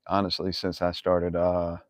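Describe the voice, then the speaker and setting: A man's voice: low voice, completely flat delivery, measured pace, dry recording, studio quality. A man hosting a casual livestream from his yard, rambling and swearing, laughing often. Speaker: livestream host. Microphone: phone camera.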